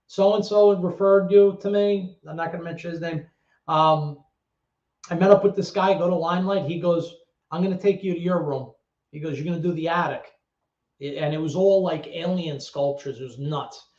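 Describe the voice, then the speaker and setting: A middle-aged man from the Bronx, telling stories in a casual interview, animated and swearing freely as he acts out other people's voices. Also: a little high, normal speed. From the Bronx, New York. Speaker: guest, former actor and DJ. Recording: echoey room, dull lo-fi sound.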